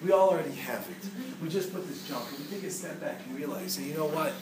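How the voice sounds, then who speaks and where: A man giving a humorous teaching talk to a live audience, quizzing them with quick questions. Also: on the high side. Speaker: speaker teaching a class. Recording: echoey room, distant mic, noisy.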